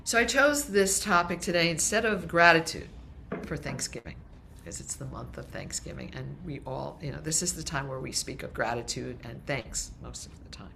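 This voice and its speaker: A woman minister speaks to her congregation in a relaxed, joking sermon style. Her voice sits low yet has a bright, forceful edge, and a faint hum runs beneath her words. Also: normal speed, vocal fry, few pauses. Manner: light-hearted, conversational, with restarts. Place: congregation meeting hall, also streamed.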